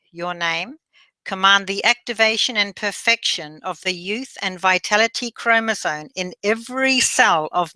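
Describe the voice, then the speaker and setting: Meditation guide, female: slow and gentle, bright tone, dry close sound. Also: fairly low pitch, no room sound. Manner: slow, gentle instructions with repeat-after-me affirmations.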